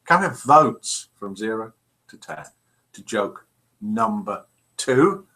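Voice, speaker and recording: A man's voice: on the low side, very animated, slow, sharp tone. An older man hosting a live chat stream, reading out viewers' messages in a chatty, self-deprecating way with many "uh" fillers. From England. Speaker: host of a live chat show.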